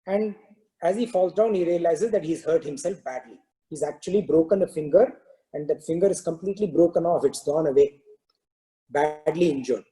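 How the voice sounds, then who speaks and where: A man telling a parable during a spiritual talk, in a relaxed storytelling manner with many "you know" fillers. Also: a little high, normal speed, poor audio. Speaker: spiritual discourse teacher.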